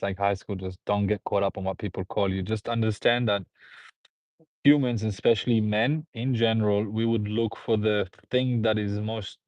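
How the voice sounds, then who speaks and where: A man's voice: lowish voice, a little mellow, dry recording. A man hosting a live stream, rambling through viewer comments, laughing and repeating himself. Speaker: host. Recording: dull, dry lo-fi sound.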